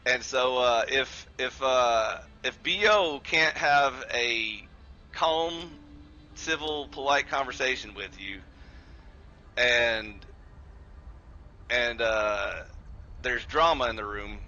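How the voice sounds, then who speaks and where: A man's voice: mid-range voice, takes it slowly, pauses often, pushed and bright, muffled recording. A man chatting casually during a gaming live stream, sarcastic and rambling, with plenty of swearing. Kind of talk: casual live-stream chat over gameplay.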